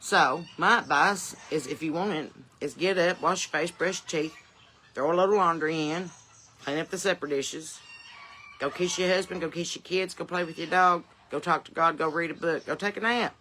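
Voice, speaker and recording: A woman's voice: fairly low pitch, moderate pace, sharp tone, slight background noise. A woman with a Southern accent, hosting a podcast from her porch in blunt, folksy, profane chat, with chickens clucking nearby. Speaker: podcast host.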